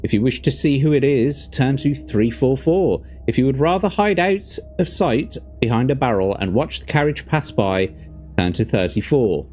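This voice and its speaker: A man's voice: mid-range voice, lively intonation, moderate pace, a little mellow, faint music behind. A man as game master reading a gamebook aloud, narrating with stumbles and self-corrections.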